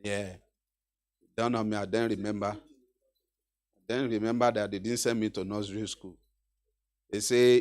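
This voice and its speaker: A man's voice: lowish voice, fairly even intonation, measured pace, long pauses. A middle-aged man from Nigeria with a Yoruba accent, giving an encouraging speech with stories and asides to the audience. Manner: exhortative, anecdotal, with asides to the audience. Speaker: graduation speaker.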